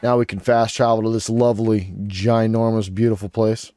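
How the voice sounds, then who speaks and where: This young male gaming host talks at a normal speed over soft background music, with no room sound in the recording. He keeps his commentary casual and playful, chats with the creatures in the game, and jumps abruptly in pitch when excited.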